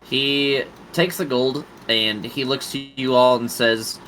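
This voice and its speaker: A man's voice: mid-range voice, fairly even intonation, slow, a bit bright, slight background noise, rough recording. A man narrating as game master in a tabletop game, in a loose, rambling way.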